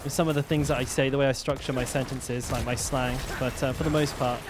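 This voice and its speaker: A man with a mild West Country tinge to his English chats loosely while streaming a game, at a middling pitch, cursing easily and drifting off mid-thought. Faint music sits under his voice. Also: fast talker. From southwest England. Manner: relaxed, chatty, swears casually, trails off mid-sentence. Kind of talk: casual live-stream chat while playing.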